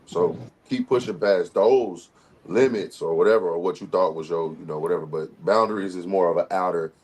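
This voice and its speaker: Drowsy, slangy deep-voiced man. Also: fairly quick, a little mellow, breathy edge. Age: 30s. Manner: loose, slangy, rambling. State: sleepy. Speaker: co-host. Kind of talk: casual chat.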